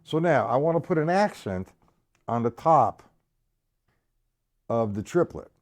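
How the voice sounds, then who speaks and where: A man's voice: medium pitch, lively intonation, a little slow. A man teaching a live-streamed drum lesson, explaining accents and counting beats aloud as he plays. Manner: counts beats aloud, loud over his drumming. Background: snare drum playing.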